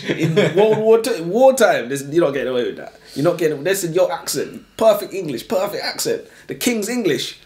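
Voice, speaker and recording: A young man co-hosting a casual book discussion, animated and slangy, laughing often. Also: on the high side, a little fast, hardly any pauses, echoey room. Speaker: book podcast co-host.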